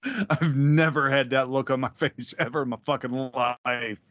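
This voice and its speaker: A man's voice: medium pitch, a little slow, fairly bright tone, no echo, dull audio. A man co-hosting a comedy podcast over a call, bickering back in defensive, exasperated, crude banter. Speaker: podcast co-host. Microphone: remote call mic.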